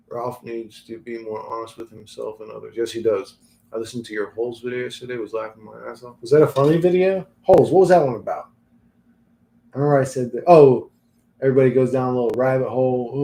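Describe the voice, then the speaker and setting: A man's voice: medium pitch, dark tone, roomy sound. A man hosting his own channel, ranting bluntly and profanely in a casual vlog, laughing often between points. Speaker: channel host.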